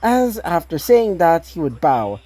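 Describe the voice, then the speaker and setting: A woman's voice: fairly low pitch, big pitch swings, measured pace, dark tone. A woman casually reading her own fan-fiction story aloud, rambling with many fillers and laughing at her own slips.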